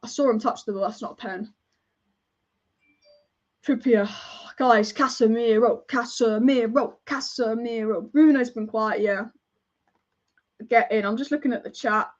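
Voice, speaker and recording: A young woman hosting a live football watch-along, excitable and casual, chanting and swearing as she reacts. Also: a little high, measured pace, pauses often. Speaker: football fan livestream host. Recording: dull lo-fi stream audio.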